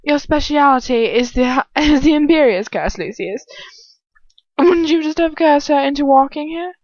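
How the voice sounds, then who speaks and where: A woman voicing a haughty, demented witch with an English accent and a high, lilting, breathy sneer. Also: animated, moderate pace, darkish tone, no echo, muffled recording.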